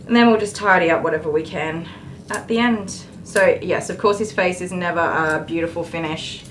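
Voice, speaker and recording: A woman's voice: fairly low pitch, moderate pace, slight background noise. An Australian woman working as a dog groomer on a live stream. She jokes with viewers and soothes the dog with baby talk.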